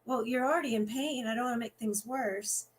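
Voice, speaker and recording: A woman's voice: fairly high pitch, a little fast, lightly acted. A woman voicing an earnest young male cop who is learning to dance, in an easygoing storybook reading. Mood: friendly.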